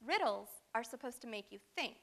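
A woman's voice: fairly high pitch, lively intonation, normal speed, vocal fry, a bit bright, full character voice. A woman reading aloud and voicing a stubborn, exasperated teenage girl in a blunt, insistent way.

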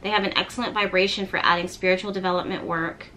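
Bright-voiced woman giving a tarot reading. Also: medium pitch, steady tone, fast talker, hardly any pauses, dull audio, slight background noise. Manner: gentle, encouraging, reads card texts aloud. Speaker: tarot reader.

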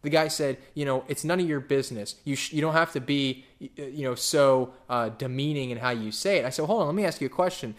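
A man, a pastor, teaching a verse-by-verse Bible study in a lively, animated way, acting out the voices he quotes and repeating phrases for emphasis. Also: mid-range voice, fairly quick, few pauses.

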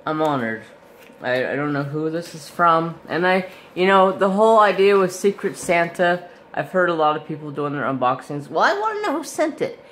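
A man's voice: a little high, expressive, normal speed, a bit bright, a little hiss or hum. A man hosting a casual craft unboxing vlog, chatty and rambling with lots of fillers and self-corrections, his voice a little stuffy as he recovers from being sick. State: slightly stuffy, recovering from illness. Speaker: craft channel host.

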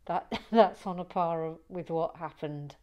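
A woman with a fairly low voice chats unhurriedly while she builds, drawing each phrase out. She reads viewer comments aloud and answers them with teasing asides. She breaks off into giggles now and then. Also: slow pace, darkish tone. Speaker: toy building reviewer reading viewer comments. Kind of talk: casual chat while building.

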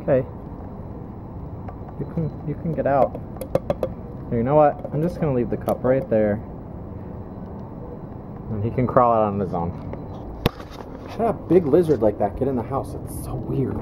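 A woman filming a casual home vlog, chatty and quick to laugh as she talks to the camera. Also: very deep voice, expressive, muffled recording, background noise. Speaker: vlogger filming. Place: home, indoors.

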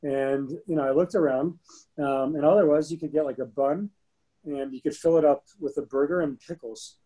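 A man in his thirties co-hosts a casual podcast and tells a story with lively energy. His voice sits a little high, with a husky, mellow tone. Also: normal speed, poor audio. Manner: animated storyteller, bursts into rapping. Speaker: podcast co-host.

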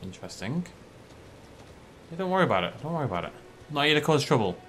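A man's voice: on the high side, big pitch swings, quick pace, fairly bright tone, slight background noise. A man giving casual let's play commentary, chatting to the characters on screen and breaking into sudden alarmed outbursts. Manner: chatty, talks to enemies, jumpy outbursts. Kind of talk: live gameplay commentary.

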